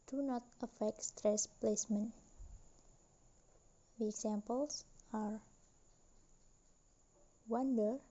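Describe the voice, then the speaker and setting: Slow, dark-toned young woman presenting. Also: a little high, dull audio. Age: young adult. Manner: slow, careful, deliberate reading. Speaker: student presenter. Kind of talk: reading a class presentation.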